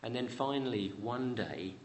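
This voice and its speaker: A man preaching a sermon in a church. He rises high on pleading questions and drops low and soft on promises. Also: expressive, moderate pace, gravelly, slight background noise.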